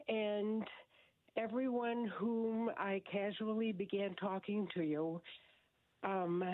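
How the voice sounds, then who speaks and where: A woman calling in to a radio show, eager and hopeful, speaking in a slightly halting way. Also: mid-range voice. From United States. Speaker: caller. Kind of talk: phone-in chat. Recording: tinny phone line.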